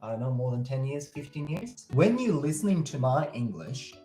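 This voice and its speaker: A man's voice: mid-range voice, big pitch swings, fairly quick, warm tone, roomy sound, faint music behind. A man whose first language is Japanese, with a Japanese accent blended with Australian, hosting a casual video-call chat and searching earnestly for words. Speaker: host.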